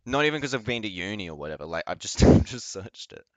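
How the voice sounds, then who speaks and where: A man's voice: lowish voice, very animated, fast, dry recording. A man commentating on a clip during a casual live stream, swearing and mocking people in put-on voices. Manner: swearing, sarcastic, acts out people in exaggerated voices.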